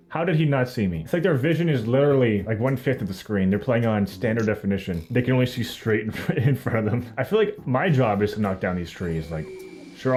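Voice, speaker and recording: A young man from Canada streams a video game live, talking through it in an animated, self-mocking way. His voice sits at an ordinary middle pitch. Game music plays faintly behind him. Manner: animated, self-mocking, jokey running commentary. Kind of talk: live gameplay commentary.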